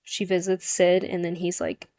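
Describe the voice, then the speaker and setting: A woman's voice: on the low side, completely flat delivery, normal speed, dark tone, slight background noise. Chatty woman perfume vlogger. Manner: chatty, many "like" and "um" fillers. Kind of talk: casual vlog monologue.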